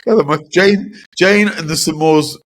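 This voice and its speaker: A man's voice: on the high side, moderate pace. A man hosting a casual podcast, teasing his co-hosts with jokes and the odd swear word. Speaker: podcast host. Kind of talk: casual chat.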